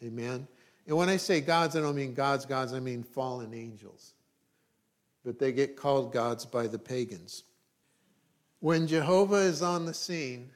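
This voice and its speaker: Man preaching a sermon, voice rising and falling. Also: on the high side. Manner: reads scripture aloud, then explains in plain talk; checks in with listeners.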